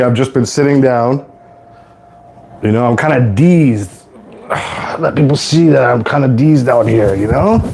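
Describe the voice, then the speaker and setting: A young man from Toronto hosting a casual live cooking stream, rambling to viewers in relaxed slang from his home kitchen. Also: mid-range voice, slight background noise. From Toronto, Canada. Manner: laid-back rambling slang-heavy talk to viewers. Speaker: livestream host.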